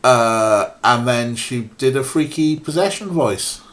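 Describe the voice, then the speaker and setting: A man's voice: medium pitch, lively intonation, slow pace, a bit bright. A young man streaming an old adventure game, giving sarcastic, swearing commentary. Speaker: let's play streamer. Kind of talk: casual gameplay commentary.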